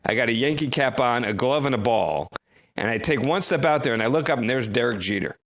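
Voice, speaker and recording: Animated storytelling man, middle-aged. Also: medium pitch, brisk. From New Jersey. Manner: animated storyteller who acts out quoted lines, with frequent restarts. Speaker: podcast co-host. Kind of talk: casual storytelling chat.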